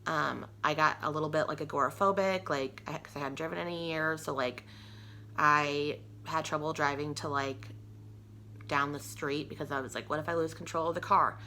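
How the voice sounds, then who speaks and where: A woman's voice: deep voice, steady tone, moderate pace, sharp tone, a little hiss or hum. A young woman telling a personal story to camera in a chatty, rambling way, full of "like" and restarts. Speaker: vlogger.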